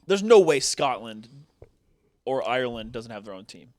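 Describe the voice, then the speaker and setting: A man's voice: medium pitch, very animated, normal speed, a little mellow, no room sound, clean studio sound. A young man co-hosting a podcast, talking in casual banter and laughing through his own jokes. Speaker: podcast co-host.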